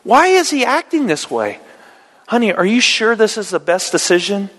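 Preacher playing a nosy neighbor, high worried gossip voice, big echo. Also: male voice, very animated, moderate pace, fairly bright tone, exaggerated voice. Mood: fretful. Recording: echoey hall reverb.

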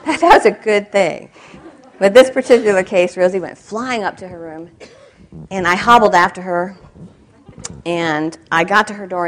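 A middle-aged woman preaches to a church audience in a fairly low voice. She speaks with candid, self-mocking humor and keeps turning to the listeners with direct questions as she tells her stories. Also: slight background noise. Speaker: speaker at a weekend church conference. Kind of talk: sermon with personal storytelling.

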